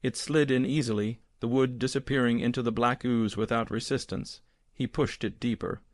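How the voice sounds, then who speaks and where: A man reads an audiobook aloud in a measured, grave storytelling manner. His voice has an ordinary middle pitch for a man. The recording is dry and close-miked, with no room sound. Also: fairly even intonation, no echo. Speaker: audiobook narrator. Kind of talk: scripted narration.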